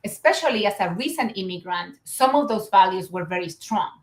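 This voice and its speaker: A Chilean woman, a business founder appearing as a guest in a conversational interview, speaks with a Chilean Spanish accent. Her medium-pitched voice is brisk with lively intonation, earnest and reflective, full of fillers, in an echoey room.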